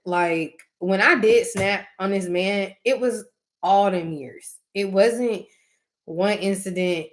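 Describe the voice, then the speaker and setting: A woman in her thirties talking candidly to her viewers, emphatic and peppered with "like" and laughs. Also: medium pitch. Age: 30s. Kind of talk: casual heartfelt chat to viewers.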